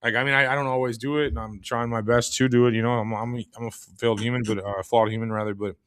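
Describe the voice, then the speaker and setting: Quick, bright-voiced man rambling. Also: medium pitch, little pitch movement, dry recording. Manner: rambling, many restarts and fillers. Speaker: podcast guest. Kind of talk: casual podcast chat.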